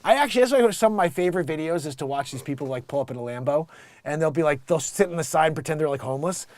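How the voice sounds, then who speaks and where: A man hosts a comic news commentary with a fairly high, very lively voice that swoops up and down. He mocks what he sees and slips into short character voices for the people he describes. The sound is dry and close, with no room echo. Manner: animated, mocking, does quick voices in quoted bits. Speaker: host. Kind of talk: casual comedic commentary.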